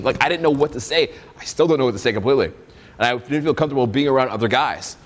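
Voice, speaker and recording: A man's voice: medium pitch, rapid-fire, slight background noise. Man lecturing in an echoey hall. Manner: animated, acts out quotes in funny voices, direct to audience. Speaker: dating coach giving a seminar. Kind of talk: live seminar talk. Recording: hall reverb from a seminar room.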